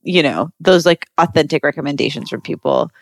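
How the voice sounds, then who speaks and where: A woman's voice: low voice, big pitch swings, fairly quick, vocal fry, no room sound, clean studio sound. A young woman telling a casual story in a chatty way, full of fillers and acted-out quotes.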